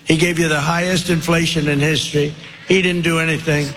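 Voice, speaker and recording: A man's voice: fairly high pitch, little pitch movement, fairly quick, fairly bright tone, in a large hall, slight background noise. A man giving a rambling, boastful campaign speech with emphatic asides. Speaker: politician.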